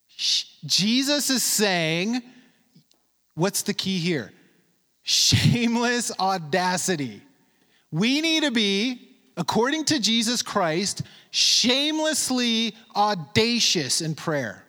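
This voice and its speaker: A preacher delivers a sermon in a high, lively voice that swoops up and down, emphatically leaning on key words and stretching them out slowly. The long reverb of a large hall rings around him.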